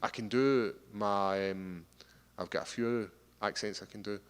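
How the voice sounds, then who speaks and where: A man's voice: on the low side, fairly even intonation, a little slow, smooth. A Scottish man in his thirties, a fighter answering media questions with easygoing, rambling talk full of restarts. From Scotland. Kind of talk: casual interview answers. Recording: long hall reverb.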